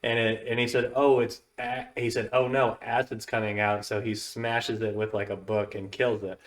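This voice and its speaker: A man's voice: fairly low pitch, flat delivery, normal speed. A man hosting a podcast in casual chat, meandering through a news story in a laid-back way. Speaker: podcast host.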